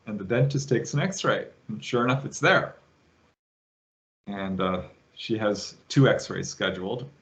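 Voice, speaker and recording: A man guest on an interview show, retelling a witness's story with lively quoted voices. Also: on the low side. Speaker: guest, UFO researcher.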